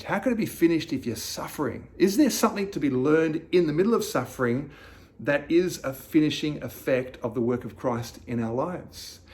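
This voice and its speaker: A man preaching a devotional sermon in a fairly high voice. He speaks slowly and reflectively, reading scripture aloud. He turns to the listener with questions. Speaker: pastor.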